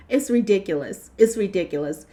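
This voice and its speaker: A woman giving a casual opinion monologue, animated, repeating herself and acting out quotes. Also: medium pitch. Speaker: vlogger.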